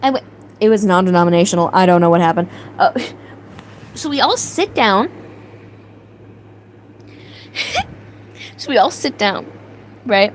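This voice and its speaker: A young woman hosting a livestream, telling a story in a casual, animated way with mock outrage and laughter, answering her chat. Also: medium pitch, unhurried, long pauses, a little hiss or hum, low-quality recording. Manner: animated, exaggerated outrage, laughing, reads chat names aloud. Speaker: livestream host.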